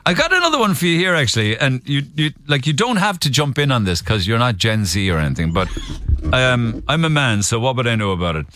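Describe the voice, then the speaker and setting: A man's voice: medium pitch, very animated, fast talker, fairly bright tone. A man with a Cork accent, hosting a radio show and chatting through the morning's newspaper stories with jokey asides. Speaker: radio host. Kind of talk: casual radio chat.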